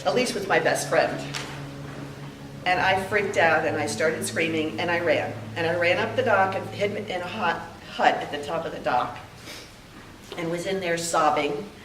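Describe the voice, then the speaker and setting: An older woman giving a heartfelt memorial tribute, telling stories with pauses. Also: fairly low pitch, background noise. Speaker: eulogy speaker. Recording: echoey room, heard from a distance.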